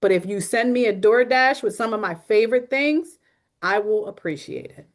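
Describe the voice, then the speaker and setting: A woman speaking as a guest on a video call. She is a social worker who talks in a humorous, down-to-earth way. Her pitch sits in the middle of the range. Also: normal speed. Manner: lively storytelling with acted quotes; humorous and realistic. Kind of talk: webinar talk.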